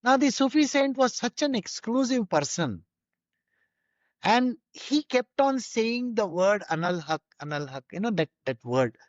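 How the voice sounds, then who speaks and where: A man's voice: high voice, lively intonation, unhurried, no echo, highs cut off. A man giving an informal spiritual teaching, conversational and full of rhetorical questions.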